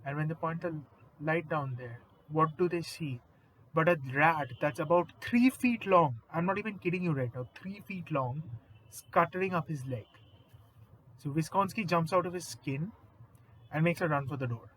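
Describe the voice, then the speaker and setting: A man casually retelling a horror story, animated and conversational, swearing now and then. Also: fairly high pitch, normal speed, rough recording.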